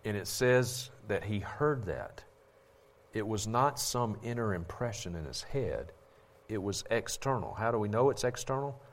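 A man Bible teacher giving a critical, sermon-style commentary, forceful and insistent and repeating his points for emphasis. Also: lowish voice, expressive, unhurried, slight background noise.

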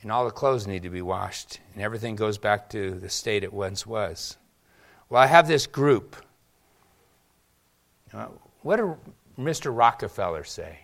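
A man preaching a sermon to his congregation, animated, asking rhetorical questions and acting out quotes. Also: on the low side, a little slow, gravelly, long pauses. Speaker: pastor.

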